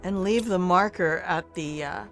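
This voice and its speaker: An older woman livestreams her gameplay in a relaxed, rambling way, talking back to the game as she goes. Her voice sits on the lower side, and she takes her time with every thought. Quiet game music hums faintly behind her. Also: measured pace, gravelly. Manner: chatty, talks to the game, swears casually. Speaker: game streamer. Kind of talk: casual live-stream gameplay commentary.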